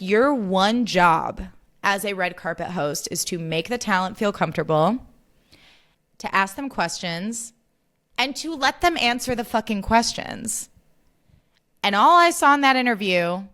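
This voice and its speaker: A woman's voice: medium pitch, a bit bright. A woman hosting a solo podcast, ranting casually and getting worked up, swearing freely. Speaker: podcast host.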